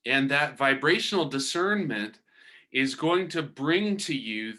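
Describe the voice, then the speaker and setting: A man giving a reflective spiritual talk, speaking in a measured way and often pausing to search for words. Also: medium pitch, expressive, bright, forceful tone. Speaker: spiritual teacher.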